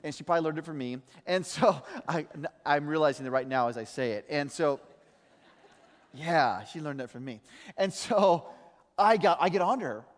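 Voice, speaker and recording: A middle-aged man preaching a sermon as a pastor, telling stories in an animated way and mimicking other people's voices. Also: fairly high pitch, normal speed. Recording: reverberant church hall.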